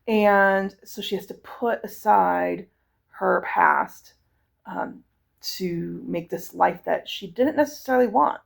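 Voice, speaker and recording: Gravelly, slow-talking woman book vlogger. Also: medium pitch. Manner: enthusiastic, chatty, frequent fillers. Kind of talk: casual book review chat.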